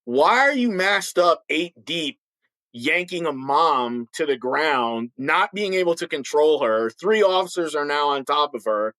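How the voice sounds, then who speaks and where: Blunt, forceful former police officer. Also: male voice, fairly high pitch, expressive, measured pace, no room sound, poor audio. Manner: blunt and forceful, with frequent restarts; acts out others' voices in stories. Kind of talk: podcast interview talk.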